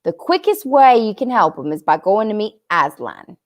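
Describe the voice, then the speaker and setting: An earnest, kindly talking beaver from a storybook, read aloud by a woman. He speaks in a folksy drawl, his lively voice swooping high and low as he explains and warns. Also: moderate pace, natural voice.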